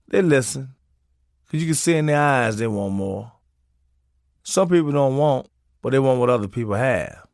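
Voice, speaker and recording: Man, comedic memoir narration, profane and preachy, mid pitch, dry close sound. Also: animated, normal speed, pauses often, darkish tone, no echo.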